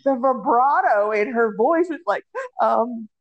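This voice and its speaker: A young woman co-hosting a podcast, with a high-pitched voice and a slow, drawn-out way of talking. She giggles often and keeps a casual, chatty manner. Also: lively intonation, muffled recording. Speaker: podcast co-host. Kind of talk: casual chat.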